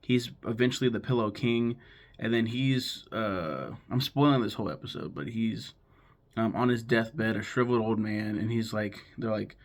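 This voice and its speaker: A man in his thirties talking casually to camera, rambling and swearing as he retells plots and acts out lines. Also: lowish voice. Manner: swears freely, rambles, acts out characters' lines in quick voices. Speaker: YouTuber ranking favorite cartoons.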